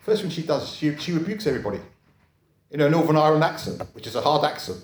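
A man's voice: fairly high pitch, animated, quick pace, a little hiss or hum. Man preaching a conversational sermon. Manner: conversational, often checks in with the crowd. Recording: echoey room.

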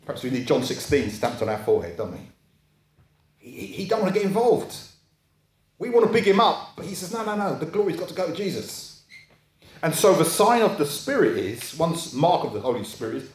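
A man's voice: medium pitch, a little mellow. A man preaching a sermon in a conversational way, often checking in with his listeners. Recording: echoey room.

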